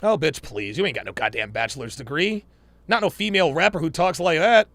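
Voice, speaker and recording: A man's voice: on the high side, lively intonation, brisk, background noise. A man hosting a podcast, reacting to clips in blunt, profane casual commentary with lots of emphatic repetition.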